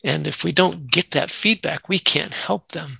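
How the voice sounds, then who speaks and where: A man's voice: a little high, normal speed, creaky, pushed and bright, breathy edge, no room sound, low-quality recording. A man, a nonprofit CEO, talking earnestly in an interview and telling workplace stories. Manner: earnest, acts out quoted dialogue in anecdotes. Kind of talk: conversational interview storytelling.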